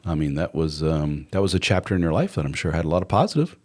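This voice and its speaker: A man's voice: rumbling low, lively intonation, fast talker, a little mellow. A middle-aged man hosting a casual live chat, rambling conversationally and answering viewer comments as a relationship coach.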